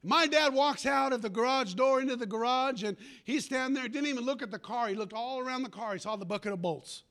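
A man's voice: very high-pitched, quick pace, fairly bright tone. A man preaching a sermon, calling out for amens and telling a folksy personal story with fervor.

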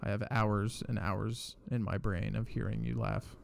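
A man's voice: fairly low pitch, fairly even intonation, measured pace, vocal fry, no room sound. A man in his twenties co-hosting a podcast, chatting loosely and rambling with a lot of swearing. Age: 20s. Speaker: podcast co-host. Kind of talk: casual chat.

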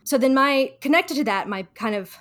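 Woman, casual podcast co-host, chatty storyteller, animated quotes. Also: a little fast. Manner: chatty, lots of "like", acts out quoted lines in higher voices. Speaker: podcast co-host giving advice. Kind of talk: casual chat, retelling a TV episode.

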